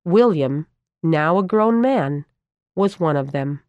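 A woman narrates a storybook aloud in a calm, measured way. Her voice is on the low side, and the recording is close and dry with no room echo. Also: highs cut off.

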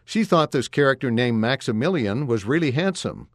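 A man's voice: medium pitch, expressive, moderate pace, no echo, clean studio sound, close to an everyday voice. A man reading aloud and voicing a complaining, embarrassed young schoolboy with a whiny tone. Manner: whiny, groaning.

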